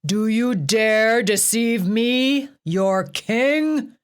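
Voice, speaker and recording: A woman voicing a furious male king of the gods who bellows slowly and commandingly. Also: on the high side, clean tone, pitched above the performer's own voice.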